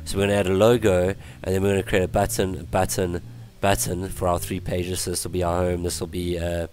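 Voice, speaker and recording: A man explaining web page coding in a screen-recorded tutorial, his voice worn from illness, halting with many ums and restarts. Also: sits low, level tone, a little mellow, slight background noise. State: voice going from illness. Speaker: tutorial presenter.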